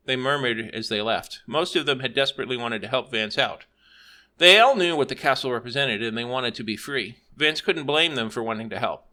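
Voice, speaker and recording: A man's voice: mid-range voice, sharp tone. A man reading a fantasy story aloud, with small slips and self-corrections as he goes. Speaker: audiobook narrator.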